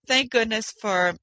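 A woman's voice: on the high side, pushed and bright, no echo. Playful, laughing woman podcast co-host. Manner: playful, joking, laughs often. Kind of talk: casual chat, reading listener mail.

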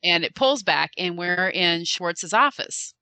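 Bright, animated woman storyteller. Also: fairly low pitch, takes it slowly, no room sound. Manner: animated, acts out quotes with shifting voices. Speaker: fan recounting a convention panel. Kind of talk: casual storytelling chat.

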